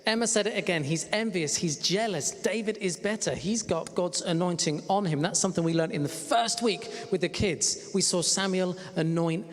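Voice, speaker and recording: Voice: mid-range voice, normal speed, few pauses. Earnest children's church teacher. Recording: church hall reverb.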